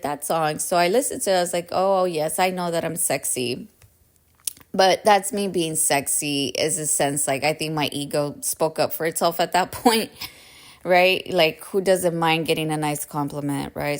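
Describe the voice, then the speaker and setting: A woman hosting a podcast, telling a personal story in a casual, chatty way and often checking in with listeners. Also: low voice. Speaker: podcast host.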